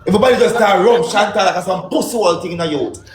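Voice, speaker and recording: A man's voice: sits high, quick pace, reverberant, a crowd in the background. A Jamaican man in an angry, profane livestream rant, repeating himself. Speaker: social media personality.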